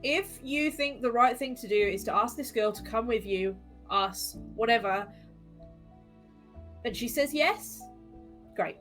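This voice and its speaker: A woman's voice: fairly high pitch, measured pace, long pauses, a bit bright, soft background music. Earnest woman lecturing in character. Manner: earnest, lecturing, repeating words. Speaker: player. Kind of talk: in-character tabletop role-play.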